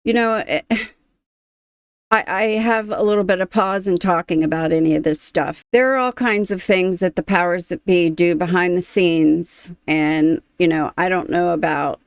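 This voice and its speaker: A woman's voice: lowish voice, moderate pace, clean tone, no room sound, clean studio sound. A woman hosting a reaction video, talking casually, moved and thoughtful, often trailing off.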